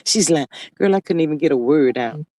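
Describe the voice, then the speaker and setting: A man hosting a casual live stream on his phone, talking in a sassy, drawn-out way, calling viewers honey and child and reading their comments aloud. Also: fairly high pitch, animated, dark tone, no room sound.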